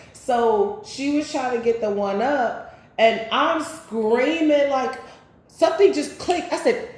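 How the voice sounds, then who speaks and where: A woman doing a tarot reading, talking in a loose, chatty, profane way with sudden loud bursts. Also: sits high, measured pace. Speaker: tarot reader. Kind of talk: casual spiritual reading and storytime. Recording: very echoey room.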